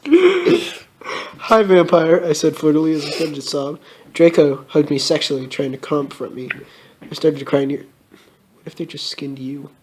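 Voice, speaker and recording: A young man giving a comedic, mock-melodramatic reading of a fan story, with shrill put-on outbursts. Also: flat delivery, moderate pace, a little mellow, a little hiss or hum.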